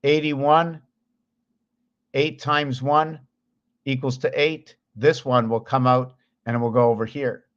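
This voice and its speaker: A man explains number patterns at a mid pitch, thinking aloud as he works. He counts, pauses and corrects himself along the way. The recording is dull and lo-fi. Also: steady tone. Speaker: video host.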